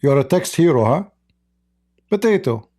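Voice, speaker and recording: A man's voice: mid-range voice, moderate pace, warm tone. Preaching, taunting male stream host. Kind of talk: live-stream religious debate.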